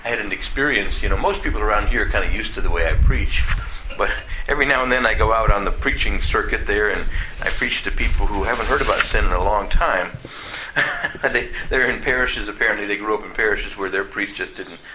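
A middle-aged Catholic priest giving a plain-spoken, conversational sermon in a church, halting and restarting as he goes. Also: on the low side, background noise.

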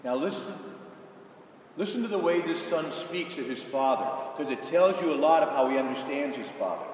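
A man preaching a sermon in a large church, emphatic and rising to shouts for stress. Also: on the high side, expressive, moderate pace, slight background noise. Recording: echoey hall from far off.

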